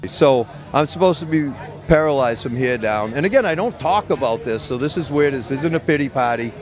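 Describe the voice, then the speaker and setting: A man's voice: medium pitch, animated, a little fast, soft background music. A middle-aged man, a medical cannabis patient and grower, telling his story in an interview in a blunt, profane, rambling way with many restarts.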